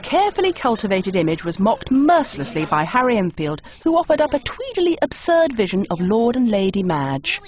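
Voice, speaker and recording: A woman's voice: on the high side, big pitch swings, fairly quick, hardly any pauses, a crowd in the background. A woman narrating a documentary in a wry, mocking scripted voice-over. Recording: voice-over with music behind.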